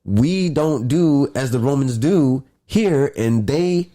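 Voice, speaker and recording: A young man hosting a podcast, chatting casually in a rambling, animated way with some swearing. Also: mid-range voice, slow. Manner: rambling, animated, loose with profanity. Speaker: podcast host. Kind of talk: casual chat.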